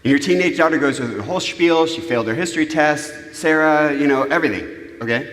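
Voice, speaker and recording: A man's voice: fairly high pitch, quick pace. A man giving a conversational, humorous sermon on parenting, acting out voices as he goes. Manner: animated, humorous, acts out quoted voices. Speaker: church speaker. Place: church sanctuary. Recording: echoey hall reverb.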